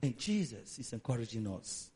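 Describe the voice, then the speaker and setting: A man's voice: medium pitch, sing-song, moderate pace, dark tone. A man preaching a sermon in a dramatic, emphatic way.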